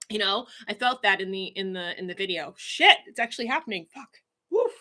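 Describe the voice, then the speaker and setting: A woman's voice: mid-range voice, lively intonation, a little fast, sharp tone. A woman hosting a casual livestream announcement, emotional and laughing as she chokes up reading comments. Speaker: livestream host, coach.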